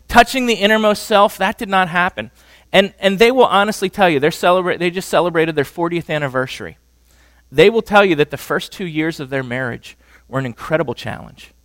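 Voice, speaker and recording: A man preaches in a relaxed, conversational way and keeps checking in with his listeners. His voice sits on the high side for a man. The sound is close and dry, with no room echo. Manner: conversational, checks in with "okay?" often. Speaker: preacher teaching on marriage. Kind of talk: sermon.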